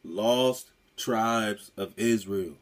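A man's voice: lowish voice, very slow. A man hosting a radio show, breaking in with emphatic rhetorical questions and commentary. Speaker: radio host. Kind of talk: commentary over a played clip.

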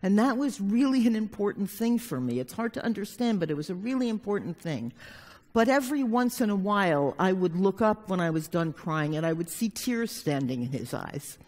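A woman therapist tells a personal story to a live audience in a conference hall, speaking frankly and plainly with the occasional swear word. Her mid-range voice swings widely in pitch at a moderate pace, with a darkish tone and long hall reverb on the recording.

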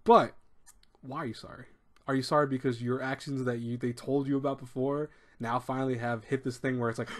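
Man, casual advice host, rambling, mid-pitched voice, acts out quotes. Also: fairly even intonation, brisk. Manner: rambling, repeats words, acts out quoted speech. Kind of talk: casual advice talk to camera.

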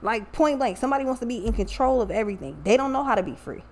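A woman's voice: a little high, animated, very fast, darkish tone. Blunt, profane woman reading tarot. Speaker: tarot reader. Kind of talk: casual tarot reading vlog.

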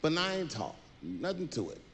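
A man performs a stand-up set on a theater stage, spinning a profane story and slipping into other people's voices. His voice sits a little high and swings widely. A long reverb trails behind him, with faint noise underneath. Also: sing-song, normal speed, a bit bright. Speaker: stand-up comedian.

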